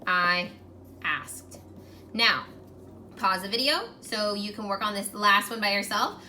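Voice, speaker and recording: Her pitch is medium and her tone sharp, with a slight hiss or hum on the recording. She's a teacher giving a taped grammar lesson to young learners, staying clear and supportive and easing her pace while writing on the whiteboard.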